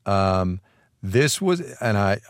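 A man co-hosting a casual talk show from a studio, animated and quick to laugh, often restarting his sentences. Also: on the low side, no echo. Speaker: podcast co-host. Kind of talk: casual chat. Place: radio studio.

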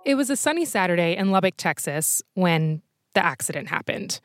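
A woman hosting a podcast, telling a true story in scripted documentary narration with a measured storytelling manner. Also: lowish voice, expressive, loud music behind the voice.

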